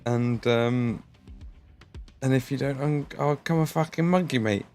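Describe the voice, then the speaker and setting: A man's voice: mid-range voice, unhurried, a little mellow, faint music behind. A man with an English Midlands accent, hosting a casual livestream while painting miniatures, chatting, swearing and laughing as he reads the chat. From England.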